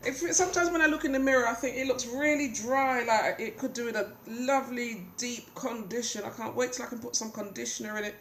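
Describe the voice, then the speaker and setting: A woman's voice: fairly high pitch, steady tone, fairly quick, few pauses, fairly bright tone, a little hiss or hum. A woman from the UK with a cold, chatting in a rambling way with many ums as she gives a casual video update at home. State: has a cold. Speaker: vlogger. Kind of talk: casual hair update vlog. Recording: roomy home recording.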